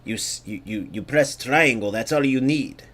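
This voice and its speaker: A man's voice: medium pitch, moderate pace, a bit bright, lightly acted. A man putting on a huffy foreign gamer. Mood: scoffing. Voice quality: put-on unplaced foreign accent, huffy. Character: mocking imagined foreign male football gamer. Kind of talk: gameplay commentary.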